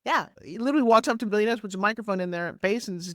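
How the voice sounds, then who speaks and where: A woman in her sixties, a podcast guest talking over a video call, telling her story in an energetic, emphatic way with big swoops in pitch. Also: rapid-fire, no echo, studio quality. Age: 60s. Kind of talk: animated interview storytelling. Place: home office, Florida.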